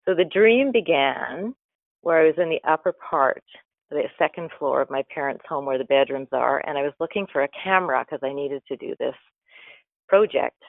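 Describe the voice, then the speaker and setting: A man's voice: a little high, expressive, moderate pace, gravelly, dry recording. A man, a guest, telling a personal story in an earnest, reflective way and lingering over his words. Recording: phone-like line with faint music.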